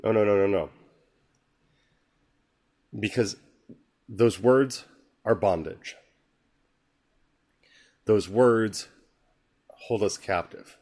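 Guy with a lowish voice going slow and earnest through a bible passage, thinking out loud. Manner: slow, earnest, musing aloud. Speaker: podcast host. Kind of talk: reflective scripture talk.

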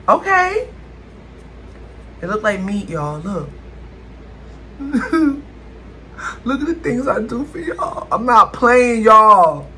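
Chatty bright-voiced woman vlogger. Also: low-pitched, a little hiss or hum. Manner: chatty, dramatic, keeps addressing viewers as y'all. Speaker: food vlogger. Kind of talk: casual mukbang chat to viewers.

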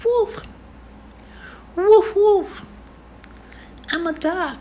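A man doing a high squeaky voice as a playful dog looking for an owner. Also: very slow, a little mellow, a little hiss or hum, heavily acted.

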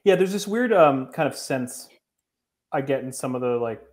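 A man answers interview questions as a guest journalist in an earnest, defensive way. He leans heavily on fillers as he explains himself, at an ordinary pitch. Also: expressive, normal speed.

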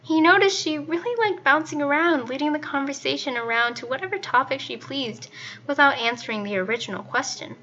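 A woman reading fan fiction aloud in a steady storytelling manner. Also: a little high, normal speed. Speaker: fanfiction reader. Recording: muffled, faint music behind.

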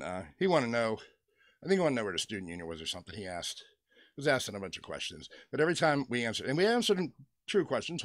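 The recording is dry and studio-clean, capturing a fairly low, slightly bright male voice. He's a middle-aged toy customizer vlogger from western Pennsylvania, at home near his dog, chatting through a joking, meandering story and chuckling along the way.

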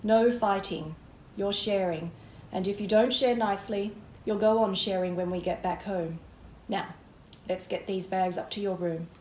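A woman's voice: medium pitch, moderate pace, a little mellow, reverberant, a little hiss or hum, natural voice. A woman reading a caring mother who speaks firmly to her children. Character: firm but caring mother.

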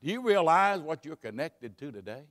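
A man preaching a sermon in a church, swinging between fervent shouts and hushed asides. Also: on the high side, big pitch swings, moderate pace. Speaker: pastor. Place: church sanctuary. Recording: long hall reverb.

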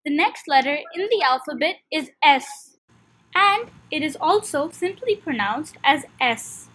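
A woman teaching pronunciation as a language teacher, speaking carefully and repeating each word slowly so the listener can follow. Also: high voice, animated, fairly bright tone, low-quality recording. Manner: drawn-out, careful enunciation with repeated words. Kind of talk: slow, clear pronunciation lesson.

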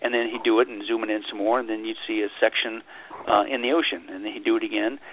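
A man talking as a guest in a radio interview. He speaks in an animated way, repeats himself often, and mocks other views in sarcastic put-on quotes. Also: lowish voice, fast talker, a little hiss or hum. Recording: tinny phone line, dry.

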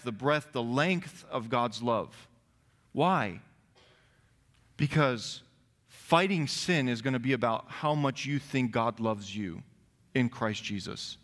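A man's voice: medium pitch, fairly bright tone. A man pastor giving a sermon, reading scripture aloud and stressing key words. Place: church sanctuary. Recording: long reverb of a church hall.

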